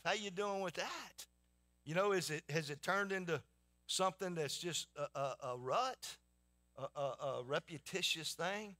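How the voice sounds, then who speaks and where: A man's voice: fairly high pitch, normal speed, pushed and bright. A man preaching a sermon in a folksy storytelling way, with many restarts. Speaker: pastor.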